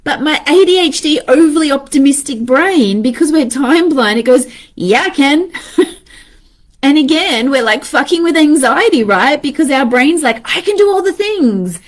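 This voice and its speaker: A woman in her thirties talking casually and animatedly to viewers about ADHD, swearing freely and acting out her inner voices. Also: high-pitched.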